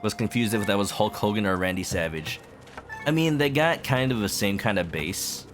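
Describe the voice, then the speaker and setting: In casual live-stream commentary over game music, a man talks to his viewers and explains what he's doing while playing. His voice sits on the low side, expressive and at a moderate pace.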